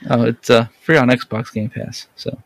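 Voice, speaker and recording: A man's voice: medium pitch, steady tone, unhurried, gravelly, dry recording. A man with a mid-range voice co-hosting a casual podcast chat. He talks hesitantly, trailing off with short answers. The sound is close and dry. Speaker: podcast co-host.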